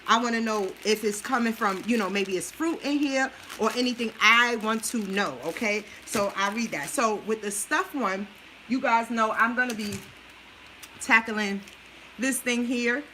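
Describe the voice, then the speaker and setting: A woman's voice: fairly high pitch, normal speed, pushed and bright, slight background noise, rough recording. A busy mom chatting through a meal plan while she cooks, coaching her viewers in a casual, chatty way. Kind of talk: casual cooking livestream.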